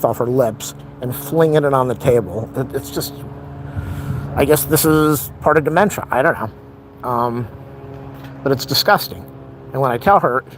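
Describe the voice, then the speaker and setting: Middle-aged man, mid-pitched, rambling and frustrated, casual live stream, faint traffic noise behind.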